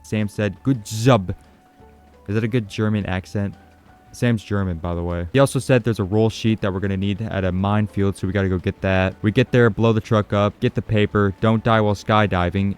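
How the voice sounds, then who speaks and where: A man's voice: on the low side, a little mellow, smooth. A man narrating a comedic game recap in a crude, sarcastic way with constant swearing. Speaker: gaming commentator.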